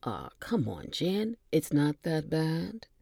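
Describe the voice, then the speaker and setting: A woman's voice: sits low, huge pitch swings, takes it slowly, gravelly, dark tone, slightly rough, no echo, full character voice. A woman voicing a shy, hesitant young man in a storybook reading. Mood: earnest. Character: shy young man, timid and eager to please.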